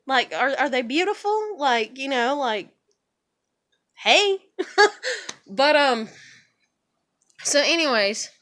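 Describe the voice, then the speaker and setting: A woman's voice: high-pitched, animated, unhurried, a bit bright. A woman ranting in a personal vlog, blunt, profane and passionate, rambling from one point to the next. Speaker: vlogger.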